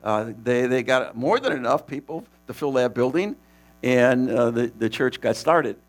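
A man casually telling the story of a preaching mission, animated and laughing, with many restarts. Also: medium pitch, normal speed.

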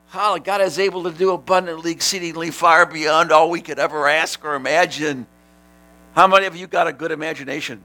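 A man preaching a sermon as pastor, animated, sometimes shouting, and laughing with his congregation. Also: on the high side, brisk, slight background noise, rough recording.

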